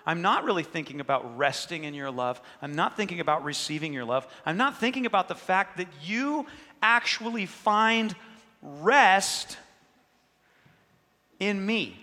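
A man's voice: high-pitched, expressive, unhurried, pushed and bright, big-room sound. A man preaching a sermon, earnest and conversational, voicing inner thoughts and prayers as he speaks. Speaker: pastor.

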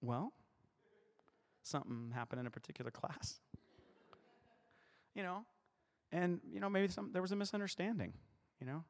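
A man's voice: high voice, lively intonation, moderate pace, long pauses, long reverb tail. A male pastor preaching a playful sermon, acting out short voices in his stories.

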